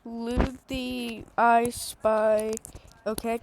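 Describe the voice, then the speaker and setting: Woman, high voice, slow delivery, giggly gaming streamer on a handheld mic. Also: low-quality recording. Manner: giggly, excitable, laughs a lot. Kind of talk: casual gameplay chatter. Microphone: handheld microphone.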